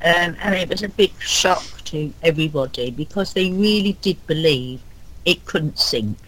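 A woman with a London accent, speaking as a podcast guest in an unhurried, hesitant way with restarts. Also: low-pitched, expressive, a bit bright, rough recording. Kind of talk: podcast interview.

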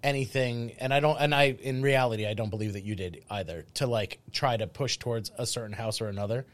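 Man, casual podcast chat, sarcastic, wry, casual swearing, mid pitch. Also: fast talker. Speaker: podcast co-host.

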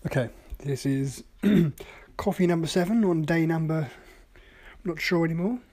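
Vlogger at home rambling about coffee, lots of ums, goes quiet and murmury sometimes. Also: medium pitch, unhurried. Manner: rambling and chatty, with many ums and self-mocking asides. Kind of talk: casual daily video diary. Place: at home, indoors.

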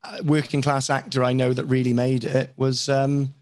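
A man's voice: mid-range voice, flat delivery, moderate pace, darkish tone, dry recording. A Welsh man, a voice actor, talking frankly and at length as an interview guest, often criticising himself. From Wales. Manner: frank, rambling and self-critical. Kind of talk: candid conversational chat.

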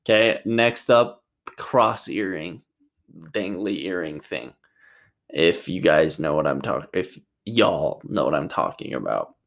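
A young man from Utah reading out and answering viewer questions in a loose, rambling way. He talks slowly but his pitch swings a lot, and he drops profanity and jokes as he goes. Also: lively intonation, gravelly. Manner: rambling, jokey, swears a lot. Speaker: vlogger. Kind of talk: casual Q&A vlog.

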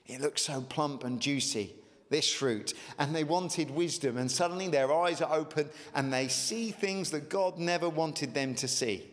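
A man preaching a sermon as pastor, emphatic, with sudden rises in pitch. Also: a little slow. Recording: long reverb of a large hall.

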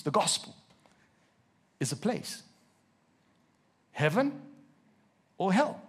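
A preacher in a church, his voice sitting high for a man and a little husky. He drawls the verses out word by word, then turns to quiz his congregation directly. Now and then he slips in a wry joke. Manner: reads scripture slowly with emphasis, asks the congregation questions, jokes. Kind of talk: sermon to a live congregation.

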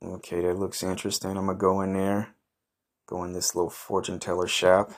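A man with a deep, low voice narrates his own comic misadventure in a brash, swaggering way. He swears constantly and flares up in shouting outrage. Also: completely flat delivery, a little fast. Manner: crude, profane, brash and swaggering. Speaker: comedy podcast host. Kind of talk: improvised first-person comic narration.

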